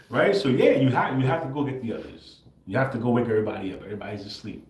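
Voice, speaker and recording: A male livestream host talks directly to his viewers in a casual monologue, fast and expressive at a medium pitch, with hardly any pauses. He tags lines with "bro" and "right?", laughs often, and swears freely. The room gives his voice a noticeable echo.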